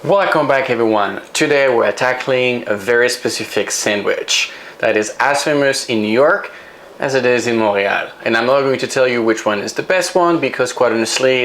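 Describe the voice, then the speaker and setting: A man's voice: medium pitch, a bit bright. A man with a French accent, a chef hosting his own cooking tutorial, chatty and playful as he explains each step. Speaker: chef and cooking show host.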